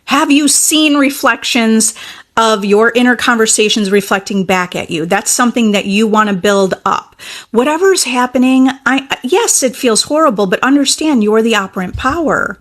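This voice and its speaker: A woman's voice: on the high side, animated, normal speed, fairly bright tone. A young adult woman coach talking casually and encouragingly, often checking in with "okay?". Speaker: manifesting coach. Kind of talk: casual teaching talk.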